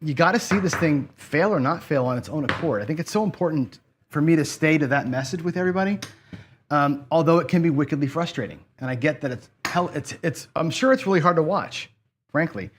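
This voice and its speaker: A man's voice: fairly high pitch, lively intonation, fairly quick, a little hiss or hum. A man hosting a live online craps stream, chatting to viewers and getting frustrated and cursing as he loses. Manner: frustrated, swearing, talks to chat. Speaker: online casino game host. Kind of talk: casual live-stream commentary.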